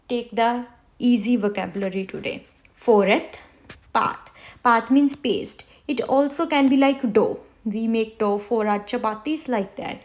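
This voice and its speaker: A woman teaching a beginner French lesson, who slowly repeats each word for her students. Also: fairly high pitch. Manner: slow, repeats words for students to hear.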